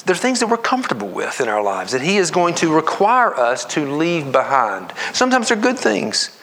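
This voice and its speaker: Pastor guy giving a sermon, talks earnest and loose, repeats himself, asides to the crowd, clear bright voice. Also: on the high side, wildly swooping pitch, moderate pace, a little hiss or hum. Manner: earnest, conversational preaching with repetitions and asides to the congregation. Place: church sanctuary.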